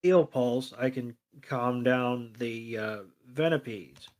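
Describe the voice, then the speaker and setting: A man in a casual podcast recap, sarcastic and profane. His voice sits at an ordinary middle pitch. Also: slow pace. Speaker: podcast co-host.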